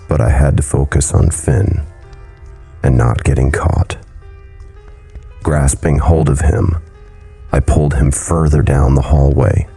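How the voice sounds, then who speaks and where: A man narrating a horror story in a low, brooding delivery. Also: creaky, warm tone, husky.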